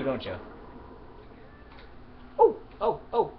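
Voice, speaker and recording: An excitable male gamer talks over his play, yelling and swearing at characters one moment and muttering to himself the next. His voice sits at an ordinary middle pitch. The home mic sounds muffled and lo-fi, with clear noise underneath. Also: unhurried. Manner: mumbling asides while looting. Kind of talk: let's play commentary.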